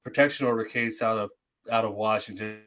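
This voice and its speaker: A man's voice: lowish voice, a little fast, fairly bright tone. A man hosting a live stream in casual chat, easygoing as he thanks viewers and talks with his guests.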